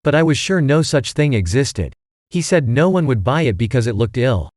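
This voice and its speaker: A man reading an audiobook, voicing an elderly male stage actor who talks in a slow, theatrical, drawn-out way. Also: mid-range voice, sing-song, a little mellow, no room sound, clean studio sound, close to an everyday voice. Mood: recounting.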